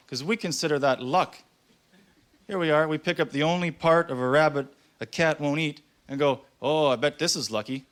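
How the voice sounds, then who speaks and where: Male stand-up comic from Canada, mid-range voice, deadpan delivery, live club set with faint room noise. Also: mid-range voice. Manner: deadpan storytelling with acted-out voices. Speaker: stand-up comedian. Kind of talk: stand-up comedy routine. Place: comedy club stage with a live audience.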